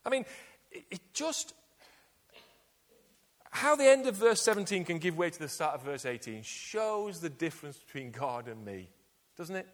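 A man's voice: on the high side, very animated, normal speed, pauses often, big-room sound. A man preaching a sermon with dramatic emphasis and rhetorical questions.

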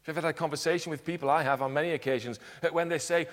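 A man preaching a sermon in church, earnest, dropping to quiet emphatic points. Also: a little high, steady tone, very fast. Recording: long hall reverb.

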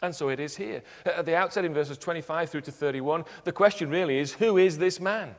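Preacher with a long hall echo. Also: male voice, on the high side, a little fast. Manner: earnest, varies loudness, drops to quiet emphatic points. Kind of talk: sermon. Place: church.

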